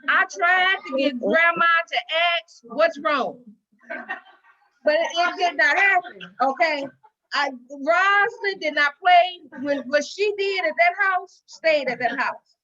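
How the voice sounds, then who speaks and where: Bright high-voiced woman telling stories. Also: a little slow. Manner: folksy storytelling with acted-out quotes and repetition. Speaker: guest speaker at a women's dinner. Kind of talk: heartfelt personal speech. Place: dinner event venue. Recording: dull lo-fi recording.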